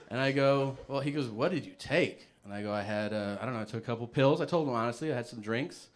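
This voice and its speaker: A man's voice: medium pitch, fairly quick, few pauses, a crowd in the background. Storytelling male comedian. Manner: animated, acts out others' voices in quotes.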